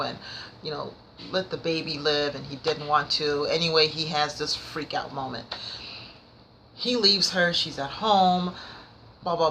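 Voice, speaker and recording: A woman reviewing books in a casual vlog, nervous and rambling, stumbling over her words but excited and passionate. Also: low-pitched, slight background noise, low-quality recording. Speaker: book vlogger. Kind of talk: casual book review chat.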